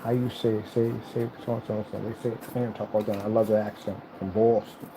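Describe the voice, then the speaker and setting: A man's voice: on the low side, little pitch movement, fast talker, background noise. Rambling man chatting while he builds. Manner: rambling, repetitive, enthusiastic. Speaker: PC builder and vlogger. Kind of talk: casual chat while building.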